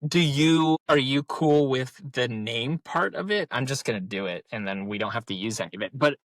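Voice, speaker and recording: Casual conversation on a podcast comes from a thirties-aged male co-host with a medium-pitched voice and moderate pace. His storytelling wanders, laced with frequent "like" fillers, and there's no room sound.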